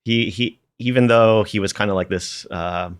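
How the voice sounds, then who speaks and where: Middle-aged man, very low voice, from the philadelphia area, rambling, lots of fillers, chuckling podcast guest. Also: normal speed. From Philadelphia area, United States. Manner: rambling, many fillers, tags sentences with "there"; chuckles through his stories. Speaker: podcast guest, piano educator. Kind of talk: casual reminiscing conversation.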